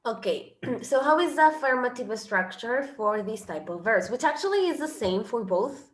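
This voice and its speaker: Her pitch is fairly high and her delivery expressive at a moderate pace as she teaches English grammar to a class. Switching patiently between English and her first language, Spanish, she explains in an echoey room.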